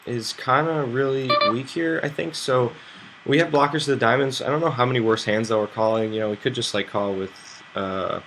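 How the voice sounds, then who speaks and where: A man's voice: mid-range voice, noisy background. A young American man streaming poker, chatting to viewers in a loose, rambling way and swearing freely. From United States. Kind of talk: casual live-stream chat to viewers.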